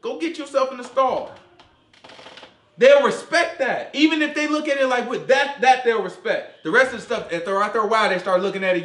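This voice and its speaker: A man preaching an informal sermon in slangy, animated talk, acting out voices as he goes. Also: very high voice, brisk. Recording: echoey room.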